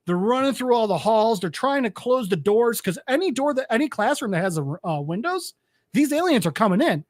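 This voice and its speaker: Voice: mid-range voice, no echo, clean studio sound. A podcast co-host casually retelling a comic story, full of fillers and swearing, and briefly acting out the characters' lines. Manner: rambling, filler-heavy storytelling with swearing and quick quoted voices.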